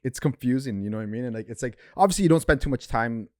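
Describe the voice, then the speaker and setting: A man's voice: mid-range voice, expressive, rapid-fire, dry recording, studio quality. A young man co-hosting a podcast, musing aloud in a casual, slang-filled way. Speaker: podcast co-host. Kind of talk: casual chat.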